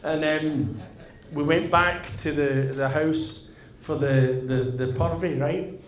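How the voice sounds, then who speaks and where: Northern Irish comic telling a story on stage. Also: male voice, a little high, slow pace, a little hiss or hum. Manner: animated, swearing, tags lines with "right?". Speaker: stand-up comedian. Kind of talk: stand-up storytelling. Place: theatre stage. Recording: echoey live venue with audience.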